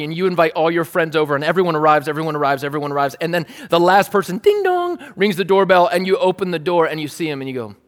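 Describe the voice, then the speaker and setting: A male pastor preaching a sermon in a conversational, playful style, acting out the scenes he tells. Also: fairly high pitch. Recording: long reverb of a large hall.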